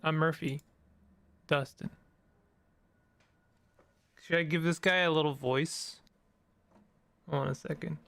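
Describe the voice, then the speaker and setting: A chatty, excitable man walks through a story game, reading its text aloud and laughing between lines. His voice sits a little higher than most men's. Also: moderate pace, gravelly, pauses often, no room sound. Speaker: let's play host.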